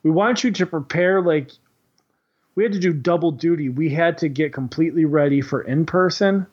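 A man with a somewhat high voice tells a story in loose, casual talk. He rambles, swears freely and leans on "like" as a filler. The recording sounds dull and lo-fi. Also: normal speed, darkish tone, husky. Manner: rambling, profane, heavy on "like". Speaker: kindergarten teacher.

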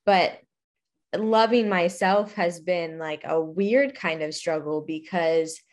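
A woman's voice: on the low side, slow. A young woman who is pregnant, co-hosting a casual faith conversation, reflective, with frequent small laughs and fillers. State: pregnant, expecting first child.

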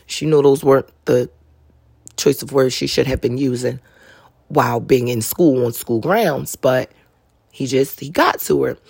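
A woman with a low, gravelly voice talks through a casual storytelling monologue. Her delivery is chatty and full of slang, and a husky edge runs under it. The sound is dry and close. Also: a little slow, darkish tone, no echo. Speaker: podcast host and mother.

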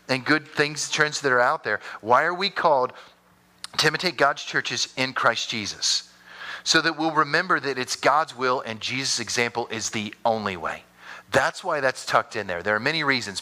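Male pastor, sermon, very bright tone, animated storytelling delivery. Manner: animated storytelling preacher with sudden high-pitched bursts.

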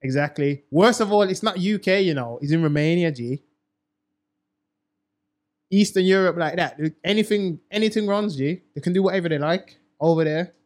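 A young man talks slang in a casual chat show and keeps repeating his points for weight. His voice sits a little high for a man. He sounds animated and runs on in a loose, conversational way. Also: normal speed. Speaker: podcast co-host.

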